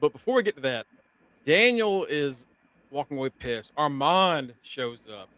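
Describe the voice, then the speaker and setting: A man co-hosting a loose podcast recap, talking with a lot of energy, swearing freely and laughing often. His voice sits a little higher than most men's. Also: big pitch swings, moderate pace, fairly bright tone. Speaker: podcast co-host recapping the episode. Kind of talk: casual podcast chat.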